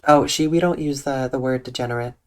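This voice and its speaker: A streamer chatting calmly and softly with viewers on a live stream, using eloquent diction and a dry, deadpan delivery. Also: mid-range voice, fast talker. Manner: soft, calm tone with eloquent diction. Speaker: Twitch streamer. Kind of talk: casual livestream chat reading out viewer comments.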